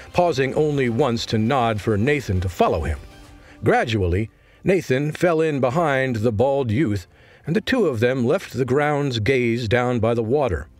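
Male audiobook narrator, husky, lively, faint music bed. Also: medium pitch. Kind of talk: scripted narration.

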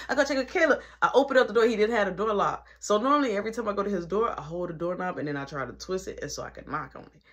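Husky-voiced young woman telling a story. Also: medium pitch. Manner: animated, quick shifts between loud and quiet. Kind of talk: casual storytime.

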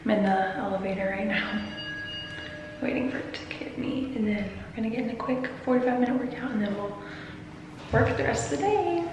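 A chatty young woman vlogs her everyday errands and work in a casual, friendly way. Her voice sits a little high. Loud music plays under her talk. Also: fairly quick. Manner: chatty, says y'all. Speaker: vlogger. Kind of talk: casual vlog chat.

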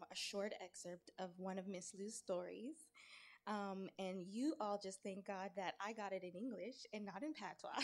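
A woman reading a folk tale aloud to a church congregation, in a lively storytelling manner with chuckling asides. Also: medium pitch. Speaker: church reader.

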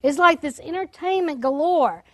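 A woman prophet giving a testimony sermon, telling her dreams in a lively way, acting out the people in her stories and urging listeners on in a preacher's manner. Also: high-pitched, normal speed, dry recording. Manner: lively storytelling, acts out quoted speech; exhorting, preacherly. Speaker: prophet speaking to a church audience.

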